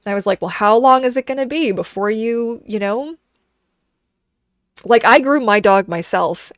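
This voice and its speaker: A woman in her thirties streaming and chatting casually, telling animated stories and acting out the voices of people and her dogs. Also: medium pitch, dry recording, studio quality. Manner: animated storyteller, acts out quoted voices. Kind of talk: casual chat.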